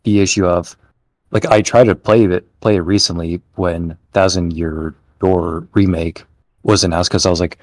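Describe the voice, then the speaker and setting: Very deep-voiced hesitant man. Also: fairly even intonation, normal speed, no room sound. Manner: hesitant, filler-heavy, mumbling. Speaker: co-host. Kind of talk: casual gameplay chat.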